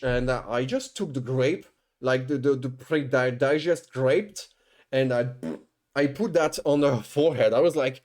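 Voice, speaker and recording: A man's voice: medium pitch, moderate pace. Rambling man telling a story. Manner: rambling, restarting, swearing, animated retelling. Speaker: streamer. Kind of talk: casual storytelling on stream.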